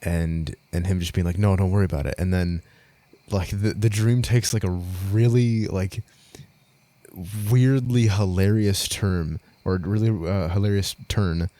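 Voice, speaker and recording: A man's voice: sits low, steady tone, slow, dark tone, no room sound. A young man co-hosting a podcast, telling a story in casual chat, rambling, swearing a lot and laughing as he goes. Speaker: podcast co-host.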